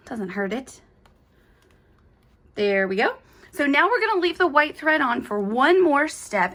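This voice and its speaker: A woman's voice: a little high, a bit bright. A young woman, hosting a quilting tutorial in an upbeat, chatty way with playful little asides. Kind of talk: casual step-by-step tutorial.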